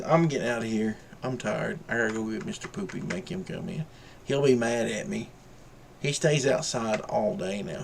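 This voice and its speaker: Low, gravelly man rambling casually. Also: a little mellow, a little hiss or hum. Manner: rambling, ranting, drawling. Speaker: vlogger.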